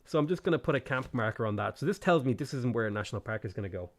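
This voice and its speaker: A man's voice: medium pitch, expressive, very fast. A man streaming a strategy game, thinking aloud about his moves, thanking viewers and laughing often. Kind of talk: casual live-stream commentary.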